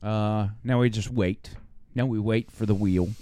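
A man's voice: on the low side, steady tone, unhurried, mellow, clean tone, no echo. A man hosting a casual chat, spitballing ideas for a segment. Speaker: host.

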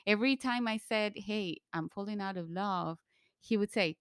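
A woman from Colombia telling a candid personal story in conversation, lively when she quotes others. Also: mid-range voice, normal speed, clean tone, no room sound, studio quality.

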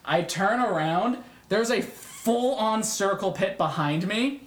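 A young man, co-hosting a casual podcast and telling a profane, animated story that acts out the other voices. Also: high-pitched, slow pace. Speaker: podcast co-host. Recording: echoey room.

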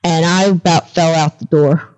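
A woman's voice: deep voice, steady tone, moderate pace, a little mellow, clear, resonant tone. A woman guest on a podcast, telling a story in a casual interview and acting out the dialogue as she goes. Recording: dull lo-fi recording.

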